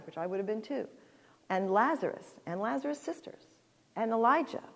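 A woman in her sixties, speaking as a guest at a church, gives an earnest, heartfelt personal talk with halting restarts and closes in prayer. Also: medium pitch, vocal fry, a little mellow. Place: church sanctuary. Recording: long reverb of a large church hall.

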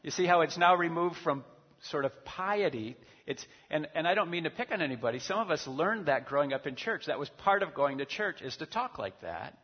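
A man's voice: fairly high pitch, lively intonation, a little fast, slightly rough. A male pastor giving a sermon in a chatty, conversational way, with frequent asides and check-ins with the listeners. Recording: dull recording in a reverberant hall.

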